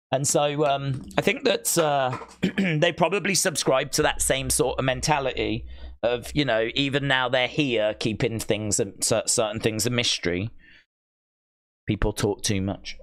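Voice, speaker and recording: A man's voice: mid-range voice, unhurried, a bit bright. A man hosting a live wrestling watch-along, rambling and musing aloud as he reads viewer comments. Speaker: wrestling stream host.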